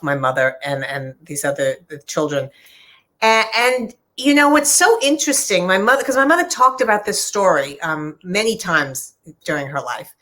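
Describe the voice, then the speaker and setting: A woman's voice: lowish voice, a bit bright. A middle-aged woman author earnestly telling a personal story in conversation, with many fillers and restarts. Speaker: author discussing her book.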